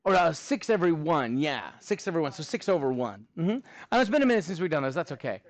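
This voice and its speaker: A man's voice: on the high side, sing-song, fast talker, low-quality recording. A man teaching a math class, upbeat and encouraging as he walks students through a problem. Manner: upbeat, encouraging, playful monster voices.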